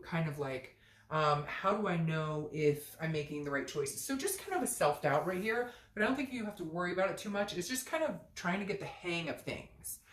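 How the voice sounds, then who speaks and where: A woman giving a chatty, blunt tarot reading who swears freely and acts out little quoted voices. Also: on the low side. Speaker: tarot reader. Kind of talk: casual tarot reading to camera. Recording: echoey room.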